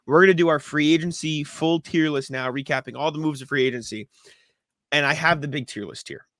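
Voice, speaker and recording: A man's voice: on the high side, brisk, a bit bright, no room sound. A man co-hosting a podcast in casual chat, rambling and laughing at his own mishaps. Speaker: podcast co-host.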